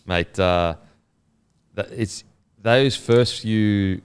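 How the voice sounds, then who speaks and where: A man's voice: fairly low pitch, very slow, clean tone. A man in his thirties hosting a casual interview, chatty and reflective, calling his guest "mate". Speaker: podcast host.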